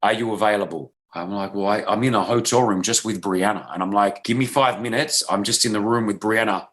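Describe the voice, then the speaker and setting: Man, 30s, from Australia, radio host, guest in a casual interview, animated storytelling, bright tone. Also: on the low side, brisk. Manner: animated storyteller acting out quoted voices.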